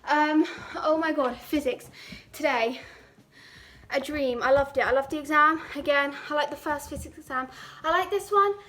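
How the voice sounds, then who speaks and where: A teenage girl from England chats casually to her vlog camera, rambling and saying "like" constantly. Her voice sits high with a fairly bright tone at normal speed, and she sounds out of breath.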